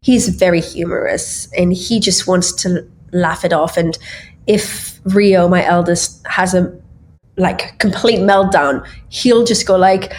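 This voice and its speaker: A woman's voice: on the low side, fairly even intonation, takes it slowly, a little mellow. A woman guest on a podcast, chatting casually and lightheartedly, laughing often between many fillers. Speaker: guest, tech founder.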